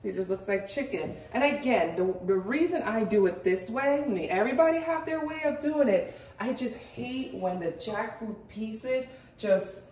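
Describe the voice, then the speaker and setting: A woman's voice: on the high side, normal speed. Chatty Jamaican woman in an echoey kitchen. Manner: chatty, excitable, talks to viewers. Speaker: cooking channel host. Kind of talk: casual cooking vlog. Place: home kitchen. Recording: very echoey room, mic far off.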